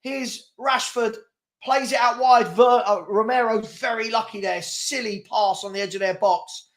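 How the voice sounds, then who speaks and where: A man hosting a live football watchalong, commentating excitably and exasperatedly and often laughing. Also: high-pitched, measured pace. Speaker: fan channel host.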